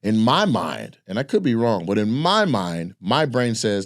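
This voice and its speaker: A man's voice: fairly low pitch, huge pitch swings, measured pace, no room sound, studio quality. A man, a comedian, delivering a heated, profane, repetitive rant as comedic commentary.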